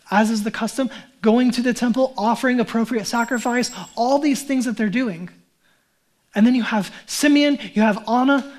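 A man, a pastor, preaching a sermon in a conversational way, often asking and answering his own questions. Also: very high voice.

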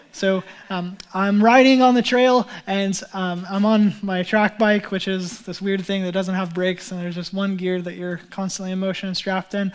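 A male pastor in his thirties telling a personal story from the pulpit in a casual, chatty way, with many fillers. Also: high-pitched. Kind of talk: sermon storytelling.

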